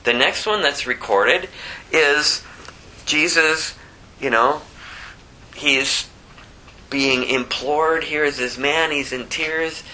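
Male preacher, chatty, animated, sermon storytelling, very bright tone, faint noise. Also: a little high, slow, long pauses, poor audio. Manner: animated, chatty, laughs often.

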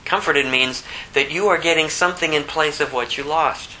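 Male preacher, sermon, passionate, pitch leaping on emphasis, slightly high voice, faint ambient hiss. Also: normal speed, sharp tone, rough recording. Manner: impassioned, pitch climbing sharply when emphatic.

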